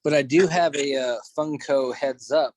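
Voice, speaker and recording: A man co-hosting a podcast, relaxed and halting with many pauses and uhs. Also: medium pitch, no echo, rough recording. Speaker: podcast co-host. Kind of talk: casual chat.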